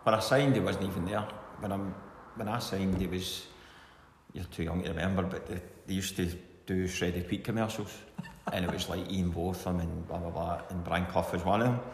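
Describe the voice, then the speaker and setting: A man's voice: sits low, steady tone, moderate pace. A middle-aged Scottish man, a former footballer, telling rambling anecdotes in a casual interview and chuckling now and then. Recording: echoey room with long reverb, faint hiss.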